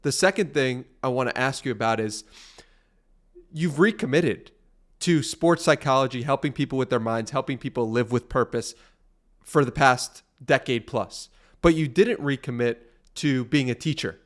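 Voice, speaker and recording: A man's voice: medium pitch, normal speed. A man with a mid-range voice hosts the interview, asking long earnest questions that run into each other. He speaks plainly and conversationally. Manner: earnest, stacks several questions together. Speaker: podcast host.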